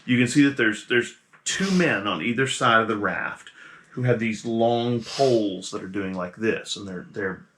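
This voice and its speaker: A man narrating a tabletop role-playing game as game master, in a casual, halting way. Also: fairly low pitch, a bit bright, slight background noise.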